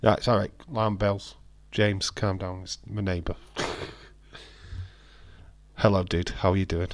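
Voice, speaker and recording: A man's voice: deep voice, level tone, a little slow, dry recording. A man hosts a live watch-along stream, commenting casually and bantering with viewers as he reads the chat aloud. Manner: bantering and teasing with viewers, frequent restarts.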